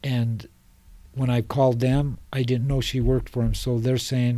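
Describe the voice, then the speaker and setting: A middle-aged man from Salt Lake City talks as a podcast guest, earnest and fired up, drifting from one thought to the next. His voice is dark and mellow, recorded close and dry with no room around it. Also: mid-range voice, little pitch movement, unhurried, no room sound. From Salt Lake City, Utah. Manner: earnest, passionate, loosely rambling. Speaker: guest, homeless advocate. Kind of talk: casual podcast conversation. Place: podcast studio.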